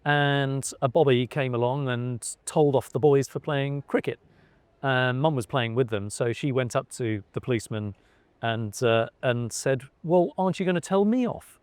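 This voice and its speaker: A middle-aged man from England answers interview questions in a hesitant, halting way, full of fillers and self-corrections. His voice sits at a middle pitch. The recording is dry and close, with no room sound. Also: steady tone, smooth, dry recording. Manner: hesitant, many fillers and restarts. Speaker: interviewee, son of a cricketer. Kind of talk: conversational interview.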